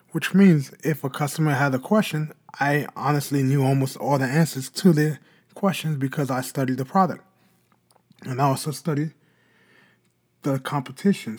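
A man's voice: fairly high pitch, darkish tone. A man hosting a podcast, explaining in a casual talk and answering his own rhetorical questions. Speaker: podcast host.

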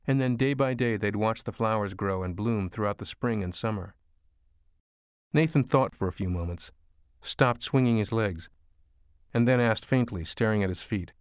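A man reading an audiobook as narrator, slow and hushed storytelling. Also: lowish voice, clean tone, dry recording, studio quality. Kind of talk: scripted narration.

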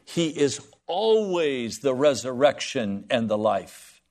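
A man preaching a sermon to a congregation, swinging from loud pleading to soft, hushed lines. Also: medium pitch, big pitch swings, takes it slowly.

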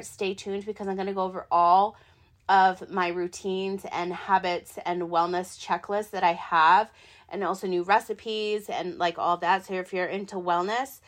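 A woman in her thirties hosting her own podcast, talking in a chatty, excitable, rambling way with lots of fillers. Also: medium pitch. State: hiccups. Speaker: podcast host. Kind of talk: casual solo podcast talk.

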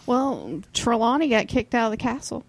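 A woman's voice: on the high side, big pitch swings, normal speed, dry recording. A middle-aged woman co-hosting a podcast in casual chat, telling stories and laughing often. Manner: chatty storyteller, laughs often. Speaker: podcast co-host.

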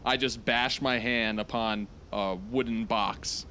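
A man with an average-pitched voice narrating his character's actions in a tabletop horror game. He builds suspense slowly with dramatic storytelling, over a faint background hiss. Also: steady tone, sharp tone. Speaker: player.

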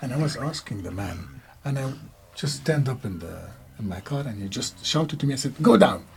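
Halting man guest. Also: mid-range voice, expressive, creaky. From Egypt. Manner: halting, searching for words. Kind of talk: casual interview chat.

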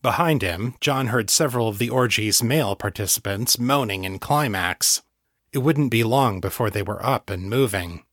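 A man reading a novel aloud as an audiobook narrator, in an even, measured storytelling way. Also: fairly low pitch, no room sound, clean studio sound.

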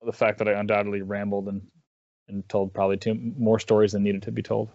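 A man's voice: on the low side, completely flat delivery, a little mellow, no echo, highs cut off. A man chatting casually as an interview guest, rambling and restarting his sentences. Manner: rambling, halting, with many restarts. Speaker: interview guest, esports caster. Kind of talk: casual chat.

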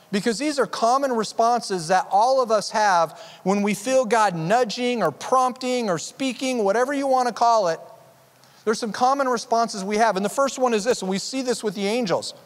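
High-voiced preaching man in a hall. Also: fairly bright tone. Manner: earnest, conversational preaching with frequent restarts. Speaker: pastor. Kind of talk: sermon. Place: church sanctuary.

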